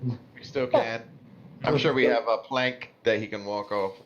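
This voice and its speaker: A man's voice: mid-range voice, unhurried, muffled recording. A man playing a tabletop game, who talks in a playful, laughing way. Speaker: player.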